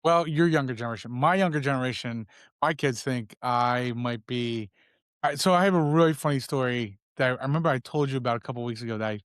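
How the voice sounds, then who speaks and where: A middle-aged man co-hosting a casual podcast, telling a story with lively acted-out voices. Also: mid-range voice, a little fast, clean tone, dry recording, studio quality. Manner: animated storyteller, acts out his kids' voices. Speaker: podcast co-host.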